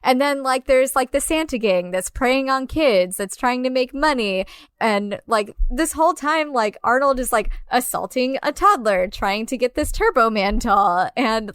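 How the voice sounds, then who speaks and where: Brief: woman podcast co-host, a bit high-pitched, animated and casual, dry close sound. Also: a little slow, clean tone, dry recording. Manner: animated, swears, frequent "like" fillers. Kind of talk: casual film discussion.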